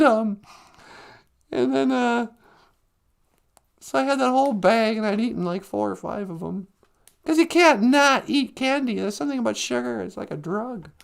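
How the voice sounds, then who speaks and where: A man putting on a high, creaky, sing-song voice as a chatty trickster character who hosts a live stream, rambling and opinionated. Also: exaggerated voice. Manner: rambling, opinionated, mocks and laughs.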